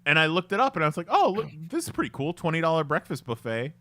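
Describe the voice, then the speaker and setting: A man co-hosting a podcast with a bright, high-set voice that leaps all over the place. He chats casually and playfully, laughs often, and mimics the people in the story. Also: very animated, fast talker. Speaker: podcast co-host. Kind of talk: casual chat.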